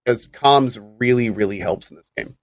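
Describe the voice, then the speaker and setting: A man's voice: medium pitch, normal speed, no room sound. Male podcast co-host, casual explainer, rambling restarts, dry close sound. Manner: explains at length with fillers and restarts. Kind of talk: casual chat explaining game mechanics.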